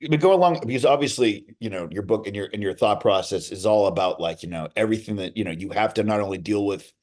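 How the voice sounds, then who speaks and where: Middle-aged male actor guest, lower voice, rambling anecdotes, lots of restarts. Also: quick pace. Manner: animated storyteller, many restarts and asides. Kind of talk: casual interview storytelling.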